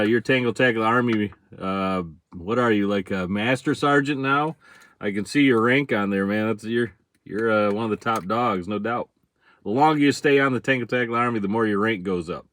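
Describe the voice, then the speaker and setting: A middle-aged man from central Michigan, with a Michigan accent and a fairly low voice, chats at a moderate pace with no echo. On a livestream he talks casually about his fishing charters, relaxed and chuckling often as he greets viewers by name.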